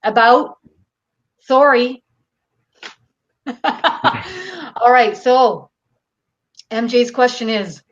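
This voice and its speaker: A woman with a Canadian accent, hosting a live stream and reading viewer questions aloud in a casual, relaxed way. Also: on the high side, drawn-out words, long pauses, dull audio. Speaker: host.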